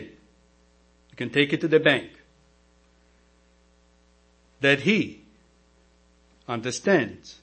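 A male deacon, not a native English speaker, preaching a sermon slowly and emphatically, asking the congregation rhetorical questions. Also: mid-range voice, fairly bright tone, husky. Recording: mains hum in background.

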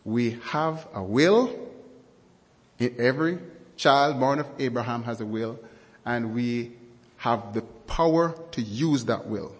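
A male preacher delivers a sermon at a measured, deliberate pace, leaning on key words and repeating them for weight. His voice sits at an ordinary middle pitch for a man. A long reverb trails each phrase, as if he is in a large hall.

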